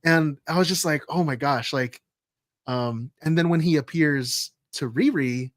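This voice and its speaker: Excited man in casual podcast chat. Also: on the high side, measured pace, no echo, studio quality. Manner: excited, lots of "like" and "you know". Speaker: podcast co-host.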